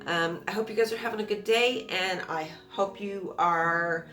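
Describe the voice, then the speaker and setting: A young woman vlogger tells her viewers a personal story in a candid, casual way, swearing freely and shrieking as she acts out what people said. Her mid-range voice is bright and forceful at a normal speed, with soft music in the background.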